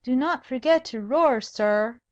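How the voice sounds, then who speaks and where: A woman's voice: high voice, unhurried, a little mellow, no room sound, dull audio, voice pushed up. A woman voicing a brave young lady who speaks steadily and defiantly, in an audiobook.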